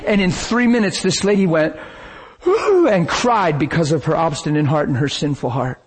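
A man preaching, telling a story in an animated, dramatic way that breaks at times into shouts and laughter. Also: fairly high pitch, fairly quick. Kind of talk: sermon storytelling.

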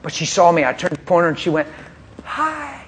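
A man's voice: on the high side, fairly even intonation, racing, very noisy. A man preaching a testimony in a pointed, straight-talking way, telling his story with animation and frequent laughter. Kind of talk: sermon testimony.

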